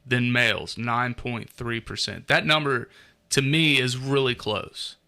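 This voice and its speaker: Male podcast co-host, bright voice, loose and profane, reads numbers aloud. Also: mid-range voice, a little slow, creaky. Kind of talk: casual podcast chat.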